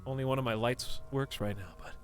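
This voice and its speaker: A man's voice: mid-range voice, fairly quick, soft background music. A man streaming a game, rambling casually and talking straight to his chat. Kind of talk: casual livestream chat while playing a game.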